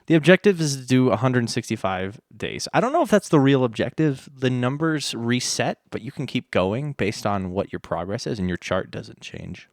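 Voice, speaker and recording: A man's voice: medium pitch, expressive, moderate pace, few pauses, dry recording, studio quality. A man chatting casually with viewers on a live stream, rambling and self-deprecating. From United States.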